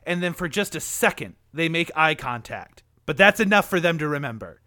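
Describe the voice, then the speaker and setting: A man's voice: fairly high pitch, animated, brisk, sharp tone, no room sound, clean studio sound. A young man retelling a film scene in a casual, emotional podcast chat, full of "like" fillers. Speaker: podcast co-host. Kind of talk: casual movie discussion.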